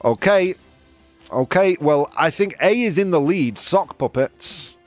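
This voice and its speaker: A man's voice: a little high, expressive, a little slow, soft background music. A man hosting a live news quiz stream, chatting playfully with viewers and laughing often. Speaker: host.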